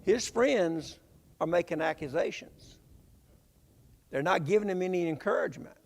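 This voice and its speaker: A man preaching a Bible-class sermon in a halting, conversational way, often repeating words. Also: high voice, lively intonation, vocal fry. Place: church sanctuary. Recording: reverberant church hall.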